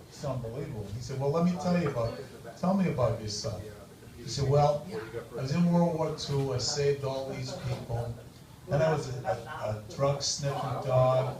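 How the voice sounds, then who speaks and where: A man doing crude stand-up jokes on a comedy club stage. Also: mid-range voice. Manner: quick jabs and crude punchlines. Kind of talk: stand-up joke telling. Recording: echoey club from far off, noisy.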